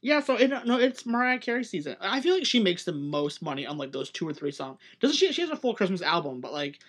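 A young man with a fairly high voice chatting casually on a podcast. He is animated and playful, slipping into silly put-on voices. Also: fast talker. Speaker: podcast co-host, drag performer. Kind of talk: casual chat.

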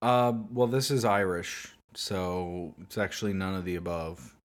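A man's voice: deep voice, fairly even intonation, measured pace. A man co-hosting a casual podcast over a call, wry and hesitant, with many fillers. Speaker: podcast co-host. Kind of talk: casual chat.

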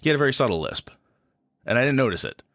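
A man's voice: mid-range voice, big pitch swings, racing, vocal fry, a bit bright, no room sound, clean studio sound. A man talking casually on a podcast about running tabletop games, rambling and self-deprecating.

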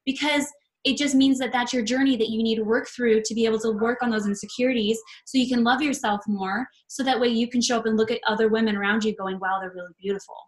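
A woman's voice: fairly high pitch, steady tone, fast talker. A woman hosting a casual interview, encouraging and affirming as she talks to her guest. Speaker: podcast host, interviewer. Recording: echoey room.

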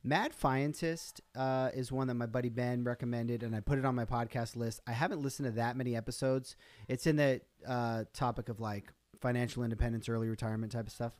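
A man talks through a solo live stream in a loose, rambling way, stopping and restarting his thoughts. His voice sits at an ordinary middle pitch. The sound is close and dry. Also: steady tone, a little fast, a little mellow, no room sound. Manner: rambling, chatty, self-interrupting with fillers. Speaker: podcast host.

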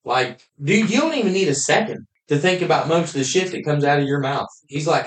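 A man co-hosting a podcast, talking fast in a folksy, profane way during casual banter. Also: on the high side, lively intonation. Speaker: podcast co-host. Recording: echoey room.

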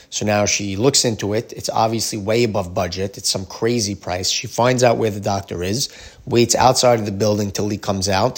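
A man tells a story as part of a religious lesson. He talks casually, with many fillers and restarts. His voice sits a little low. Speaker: teacher.

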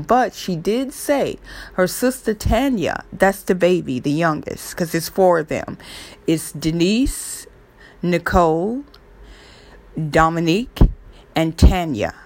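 A woman's voice: on the low side, expressive, slow. A woman casually retelling a story in a rambling, chatty way, with many fillers and restarts. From New York area. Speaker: true crime vlogger.

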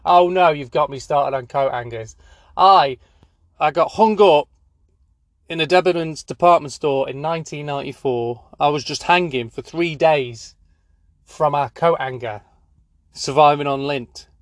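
Slow rambling deadpan man. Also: a little high, no room sound. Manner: rambling, deadpan, filler-heavy. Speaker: comedy news host. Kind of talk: absurdist deadpan spoof news.

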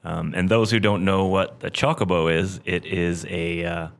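A man's voice: low voice, steady tone, normal speed, vocal fry. A man, a guest on a casual podcast, sharing game trivia in a rambling way, often breaking off to correct himself. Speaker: special guest.

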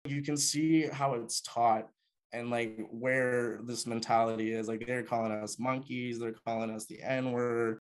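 A young man from Canada tells a personal story from his hockey years. He talks loosely and conversationally, with plenty of filler words. His voice sits at an ordinary middle pitch for a man. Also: fairly even intonation, unhurried. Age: young adult. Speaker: former hockey player.

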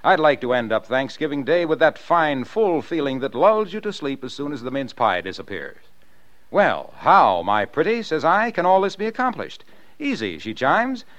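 Folksy 1940s ad pitchman, bouncy, hammy; dull old radio sound. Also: sing-song, normal speed, a bit bright. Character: folksy sponsor pitchman telling a fable.

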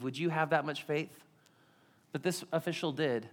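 A man preaching a sermon, animated, acting out quotes and questions. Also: fairly high pitch, moderate pace, pauses often. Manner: animated, acts out quotes in varied voices. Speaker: pastor. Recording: long hall reverb.

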